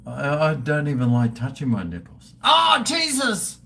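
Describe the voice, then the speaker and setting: A man's voice: mid-range voice, expressive, moderate pace, gravelly. An Australian man in his fifties hosting a casual live stream, joking crudely, swearing and toasting viewers over drinks. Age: 50s. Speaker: livestream host.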